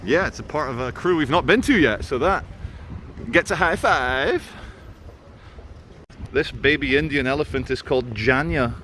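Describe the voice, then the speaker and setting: A man's voice: mid-range voice, a little fast, few pauses, fairly bright tone, slight background noise. A middle-aged man vlogging as he walks outdoors through city streets, giving a sarcastic running commentary into a handheld camera. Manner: wry, sarcastic running remarks. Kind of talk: walking commentary.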